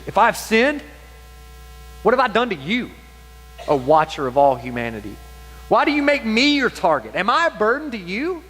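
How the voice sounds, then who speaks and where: A man preaching a sermon, reading scripture aloud with passionate, dramatic emphasis and slow, stretched-out phrases. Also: sits high, bright, forceful tone. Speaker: pastor. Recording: long hall reverb with faint music and hum.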